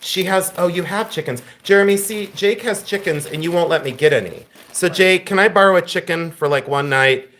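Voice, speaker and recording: Guy from ohio doing a live jewelry auction stream, joking around with viewers, kinda high voice. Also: a little fast, few pauses, fairly bright tone, a little hiss or hum. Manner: chatty, teasing banter with viewers.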